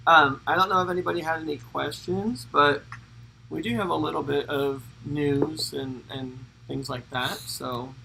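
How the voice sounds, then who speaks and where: A man's voice: on the high side, fairly even intonation, moderate pace, vocal fry, pushed and bright, a little hiss or hum, rough recording. A man co-hosting a casual travel livestream, reading out viewer names and chatting between laughs and stumbles. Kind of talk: casual live-stream chat.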